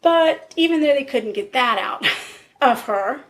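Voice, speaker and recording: Woman, podcast co-host, fairly high voice, casual true-crime storytelling, acts out quotes. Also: unhurried. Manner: lively retelling with quoted dialogue.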